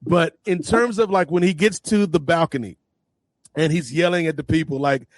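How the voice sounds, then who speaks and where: A man co-hosting a podcast, his voice on the higher side. He talks casually and gets animated, slipping into quoted lines from the show as he retells it. The sound is dry and close. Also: normal speed, dry recording. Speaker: podcast co-host. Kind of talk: casual review chat.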